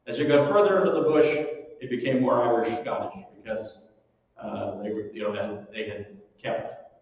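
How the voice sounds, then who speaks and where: A pastor preaching in a church hall, his voice carrying with a long, booming echo. He sits at a middle pitch and swings between loud emphatic lines and hushed ones. The mic sits some distance from him. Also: normal speed. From eastern Ontario, Canada. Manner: storytelling, animated with strong rises and drops in pitch and volume. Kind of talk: sermon. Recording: echoey hall, recorded from far off.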